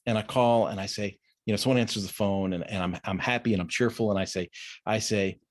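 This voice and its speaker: Recorded on a video call, a man hosting a business podcast speaks briskly in a fairly low, steady voice. His delivery is casual, and his story is full of restarts.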